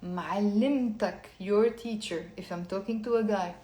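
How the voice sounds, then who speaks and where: A woman from Lebanon, teaching a live online language lesson and patiently repeating phrases slowly, then faster. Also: mid-range voice, warm tone, reverberant.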